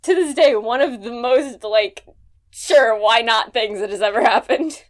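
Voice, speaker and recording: A woman's voice: on the high side, measured pace. Laughing, rambling podcast co-host, woman. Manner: rambling, laughs often, self-mocking. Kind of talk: casual podcast chat.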